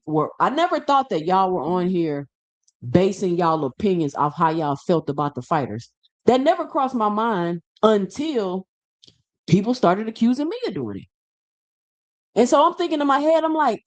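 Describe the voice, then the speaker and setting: A man's voice: high-pitched, big pitch swings, moderate pace. A man hosting a boxing show, ranting casually and emphatically to camera, firing off rhetorical questions and repeating himself. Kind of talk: casual opinion rant to camera.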